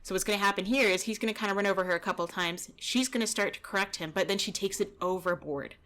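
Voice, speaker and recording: A woman dog trainer giving relaxed, casual commentary over video footage, explaining with lots of "you know" and "kinda". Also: medium pitch, fast.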